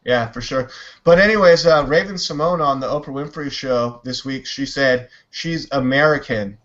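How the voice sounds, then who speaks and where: A man hosting a casual online talk show, telling stories with a loose, animated delivery and swearing freely. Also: medium pitch, normal speed, lo-fi sound. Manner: animated storyteller, swears, mimics others. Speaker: podcast host. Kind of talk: casual chat.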